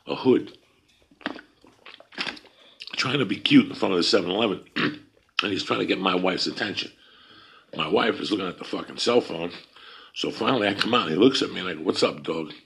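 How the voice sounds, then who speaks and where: A low, gravelly man with a husky edge tells a story on a podcast. He swears freely and gets loud and animated as the tale builds. His delivery is casual and rough. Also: moderate pace, pauses often. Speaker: podcast host.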